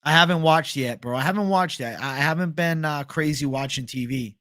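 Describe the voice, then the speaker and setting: Young man, live-stream host, laid-back, swears a lot, somewhat high voice, dry close sound. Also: normal speed, pushed and bright, no echo. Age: young adult. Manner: laid-back, profane, chatty. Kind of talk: casual live-stream chat reading comments.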